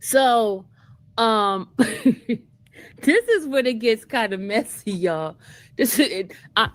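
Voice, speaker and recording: A woman trial vlogger spins a story for her viewers in a casual, chatty way, often breaking into laughter and calling them y'all. Her voice sits a little high and sounds close and dry, with no room echo. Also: fairly bright tone.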